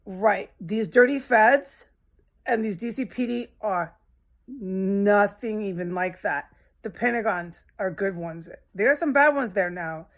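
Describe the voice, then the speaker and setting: Woman, mid-pitched, rambling and profane, agitated monologue, lots of restarts. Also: measured pace. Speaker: social media commentator.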